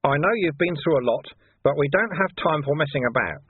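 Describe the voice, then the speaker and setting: A man reading an audiobook, voicing a calm, wily older sweeper-monk who teases dryly. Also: fairly high pitch, a little fast, husky, no echo, voice pushed up. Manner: calm, dryly teasing, knowing. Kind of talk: audiobook character voice. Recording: dry tinny phone-like sound.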